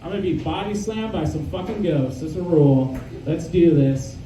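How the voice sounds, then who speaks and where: A man performs stand-up live, his high but mellow voice rambling through profane stories. He keeps slipping into voices for his friends and other characters. He sounds a little distant from the mic, in a reverberant room with faint ambient noise. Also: normal speed. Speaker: stand-up comedian. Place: live comedy venue with audience.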